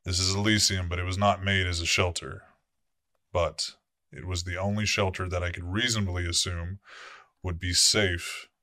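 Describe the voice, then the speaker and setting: A man's voice: low-pitched, flat delivery, sharp tone, dry recording, clean studio sound. A man playing a cold, commanding vampire prince. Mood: grave. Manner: authoritative, measured orders with blunt swearing.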